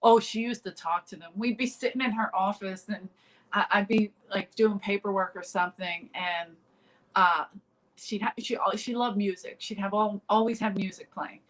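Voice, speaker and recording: A woman's voice: medium pitch, normal speed, a bit bright, low-quality recording. A woman comedian in a casual interview, telling stories full of fillers and restarts over a remote call. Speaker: comedian guest.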